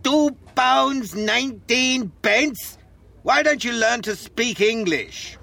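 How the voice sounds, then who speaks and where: Rude impatient customer, gravelly, husky, scornful. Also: male voice, extremely high pitch, lively intonation, slow, pushed and bright, full character voice. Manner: curt, scornful.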